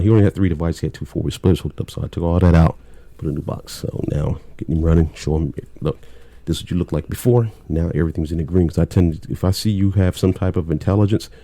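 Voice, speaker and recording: A man's voice: low voice, gravelly, mellow, no room sound. A middle-aged man, a cable technician, telling work stories in a blunt, laid-back way with plenty of swearing. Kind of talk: casual storytelling chat.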